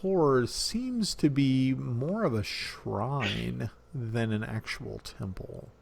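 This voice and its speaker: A man narrating as dungeon master of a tabletop game, halting often with fillers and restarts. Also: mid-range voice, creaky.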